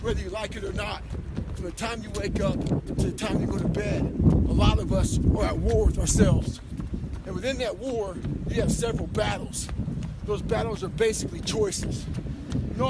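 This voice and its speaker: A man's voice: sits high, steady tone, moderate pace, heavy background noise. A man giving a blunt, intense motivational talk, commanding and full of profanity. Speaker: motivational speaker.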